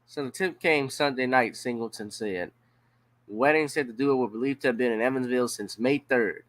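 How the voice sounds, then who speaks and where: A man's voice: mid-range voice, a bit bright, no room sound. A man from Louisiana, giving blunt, profane casual commentary on a news story. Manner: blunt, profane, drawn-out emphasis.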